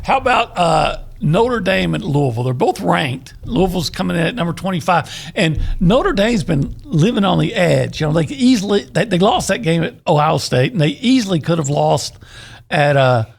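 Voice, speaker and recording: A man previewing college football games in relaxed, measured sports radio conversation. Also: sits high, vocal fry. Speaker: football analyst.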